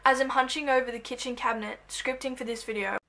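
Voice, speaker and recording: An Australian woman vlogs to camera in a playful, self-mocking comedic monologue, breaking into loud bursts. Her voice sits a little high with a steady tone, and she talks fast.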